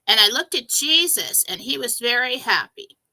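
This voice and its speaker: A woman hosting a show, telling a spiritual story in an emphatic, breathless, animated way. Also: on the high side, moderate pace, poor audio. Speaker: show host.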